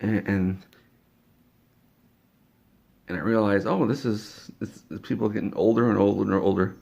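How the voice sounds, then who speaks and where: A man's voice: lowish voice, steady tone, moderate pace, vocal fry, a little mellow, husky, muffled recording. A man telling an absurd comedic story in a rambling way, stammering and repeating words.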